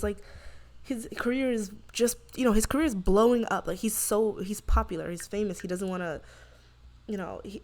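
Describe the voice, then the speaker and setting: A young woman giving casual let's play commentary, chatty and full of fillers and quick asides. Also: medium pitch. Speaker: gaming YouTuber.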